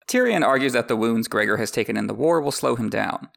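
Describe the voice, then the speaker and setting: Gravelly-voiced male podcast host. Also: medium pitch, lively intonation, quick pace, a bit bright. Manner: wry, joking asides. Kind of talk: reading a book with comedic commentary.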